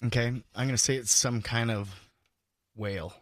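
A man's voice: medium pitch, steady tone, normal speed, dry recording, studio quality. A man co-hosting a casual podcast, making playful guesses and laughing easily. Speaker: co-host guessing.

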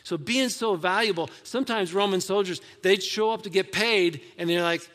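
High-voiced man preaching in a reverberant hall. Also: moderate pace, fairly bright tone. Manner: conversational preaching with rhetorical questions. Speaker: pastor. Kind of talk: sermon.

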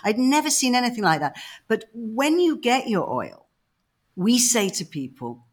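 A woman from the north of England, co-hosting a podcast and telling stories in a lively, emphatic, casual way. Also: a little high, moderate pace, breathy edge. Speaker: podcast co-host. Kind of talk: casual chat.

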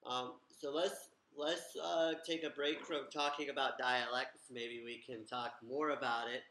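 A man hosting a casual chat, asking curious guiding questions at an unhurried pace. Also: medium pitch, level tone, sharp tone, roomy sound, slight background noise, poor audio. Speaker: host. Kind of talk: casual language-learning podcast chat.

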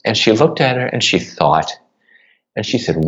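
A man speaks low and with a lot of melodic swing, earnest and emotional as he talks through a personal story. The sound is a little dull and lo-fi, as over a remote connection. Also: animated, normal speed, fairly bright tone. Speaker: author and guest. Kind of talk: podcast interview.

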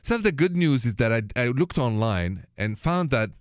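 A man's voice: on the low side, sing-song, normal speed, few pauses, dry recording, studio quality. A middle-aged man with a thick Parisian French accent, hosting a radio advice show in a chatty, playful way and slipping in French words. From France.

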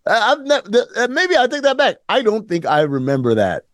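A man co-hosting a casual sports talk show, emphatic and animated, often mimicking other voices. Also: high voice, fairly quick, no echo, studio quality. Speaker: podcast co-host.

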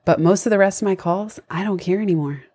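A woman's voice: mid-range voice, fast, warm tone. A woman who works as a life coach, hosting a conversational interview over a video call and talking in an enthusiastic, reflective way.

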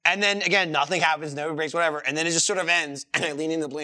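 A podcast co-host in a casual chat tells stories rapid-fire in a slightly high voice. He's an animated storyteller who acts out what people said.

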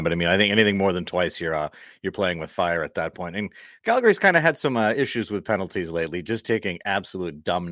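A man hosting a casual hockey podcast, animated and jokey, often laughing as he talks. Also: low-pitched, no room sound, studio quality. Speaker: podcast host. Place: Massachusetts.

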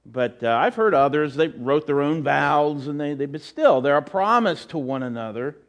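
A man's voice: on the high side, animated, normal speed. A middle-aged man preaching a sermon in church as pastor, telling folksy, rambling stories with many fillers and restarts.

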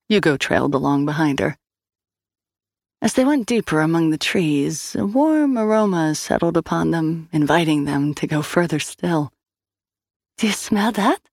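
A woman narrating a scripted story in an expressive, wry manner. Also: low-pitched, gravelly, no room sound, clean studio sound. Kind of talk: scripted audio-drama narration.

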